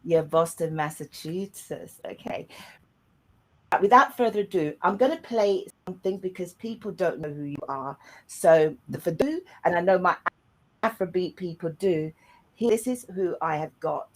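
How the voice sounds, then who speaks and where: A chatty British woman hosts a live online show, her voice sitting a touch lower than most women's. She talks in an upbeat, casual way and drops in plenty of fillers. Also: animated, normal speed. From United Kingdom. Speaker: host.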